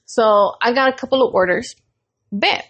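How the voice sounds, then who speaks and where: Animated, swearing woman podcast co-host. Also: on the high side, normal speed. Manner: animated storyteller, swears freely, acts out quoted voices. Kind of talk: casual chat.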